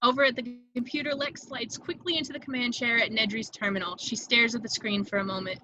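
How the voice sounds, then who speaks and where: A woman reading stage directions aloud in an amateur online table read, brisk and vivid, with occasional slips she corrects. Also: fairly high pitch, fairly even intonation, pushed and bright, rough recording.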